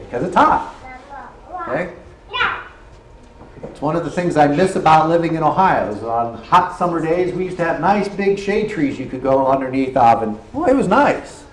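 Earnest male preacher in an echoey hall. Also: a little high. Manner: earnest, checks in with listeners. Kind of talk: sermon. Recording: roomy hall echo, faint noise.

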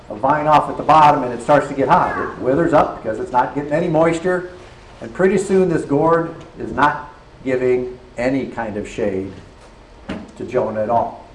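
A man preaching a sermon earnestly, often checking in with his listeners, in a roomy church hall. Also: on the high side. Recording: roomy hall echo, faint noise.

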